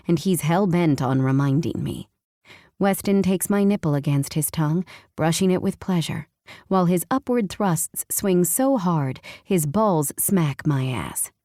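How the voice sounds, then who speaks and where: Low-voiced woman narrating intimate romance. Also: warm tone, dry recording, studio quality. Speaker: audiobook narrator. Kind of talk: first-person romance audiobook narration.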